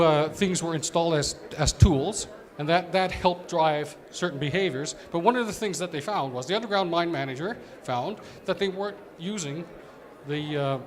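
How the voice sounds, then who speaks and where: A man giving a conversational conference presentation as an operations executive, explaining with fillers. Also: a little high.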